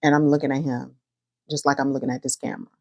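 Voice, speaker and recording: A middle-aged woman, hosting a podcast and chatting about her own life in a lively, animated way. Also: very deep voice, quick pace, creaky, no room sound, muffled recording. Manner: lively, chatty, addresses listeners as y'all. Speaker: podcast host. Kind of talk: personal storytelling to listeners.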